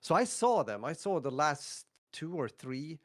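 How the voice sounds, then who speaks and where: A man from Sweden chatting casually on a podcast, relaxed, with frequent restarts. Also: a little high, measured pace. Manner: relaxed, talks in restarts and fillers. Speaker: podcast co-host. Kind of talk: casual chat.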